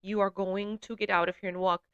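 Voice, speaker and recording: A calm female rescuer speaks softly and steadily, insistent and reassuring, as a woman voices her in a testimony. The voice stays bright and clear. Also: mid-range voice, a little fast, dry recording, muffled recording, close to an everyday voice. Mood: quiet reassurance.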